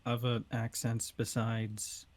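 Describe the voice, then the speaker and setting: A mid-pitched voice speaks haltingly, with plenty of likes and ums, in a relaxed group chat about accents. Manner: hesitant, many fillers.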